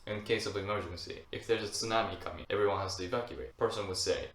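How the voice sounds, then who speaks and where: Speaking quickly and barely pausing, a young Japanese man teaches language in a relaxed way, illustrating usage with short spoken examples in his Japanese accent. His voice is on the low side and a touch bright. Echo and faint noise fill the recording room.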